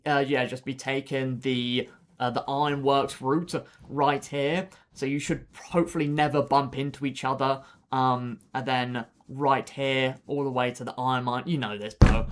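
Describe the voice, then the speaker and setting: A man streaming a game live, rambling and exasperated as he gives teammates step-by-step directions, sounding tired. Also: mid-range voice. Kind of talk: live gameplay commentary.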